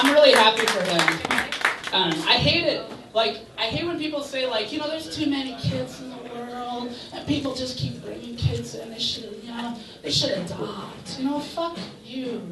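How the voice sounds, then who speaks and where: A young man doing a stand-up set in a bar, rambling with lots of filler words. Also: very high-pitched. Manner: rambling, filler-heavy delivery. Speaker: stand-up comedian. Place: bar comedy stage. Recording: echoey bar, distant mic, crowd.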